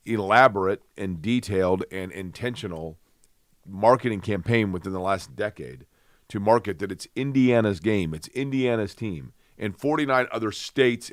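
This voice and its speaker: A man's voice: on the low side, no room sound, studio quality. A man co-hosting a sports talk show, grumbling playfully and firing off rhetorical questions. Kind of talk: casual sports chat.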